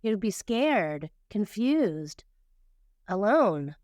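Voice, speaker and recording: A woman's voice: medium pitch, sing-song, drawn-out words, a little mellow, no echo, clean studio sound. A woman from the United States co-hosting a casual podcast, reacting to her partner and pushing back with questions. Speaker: podcast co-host.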